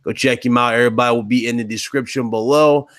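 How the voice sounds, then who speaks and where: A man hosting a casual gaming podcast, relaxed as he hands the mic to each panelist. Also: mid-range voice, fast talker, no room sound. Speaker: podcast host. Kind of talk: casual podcast outro chat.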